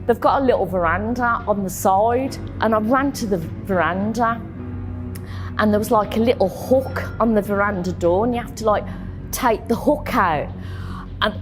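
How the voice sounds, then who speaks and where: A woman tells her own story in an interview, halting and emotional, with frequent ums and repeated words. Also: medium pitch. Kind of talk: personal testimony in an interview.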